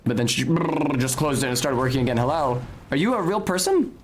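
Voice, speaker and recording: A man commentates his own gameplay for a live stream, wry and chatty. He swears in passing and talks to the game's characters. His pitch sits in the middle of the male range. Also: big pitch swings, a little fast, slight background noise. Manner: wry, self-narrating, swears casually.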